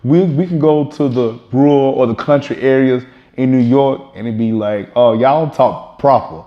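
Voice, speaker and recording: A man from the States, explaining things in a relaxed interview and often repeating words as he thinks. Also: mid-range voice, normal speed, muffled recording. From Southern United States. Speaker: guest, blog founder. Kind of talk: casual interview chat.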